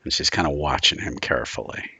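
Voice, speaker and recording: A man narrating a tabletop vampire game as game master, relaxed and loose with fillers. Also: rumbling low, fast, gravelly, breathy edge, dry recording.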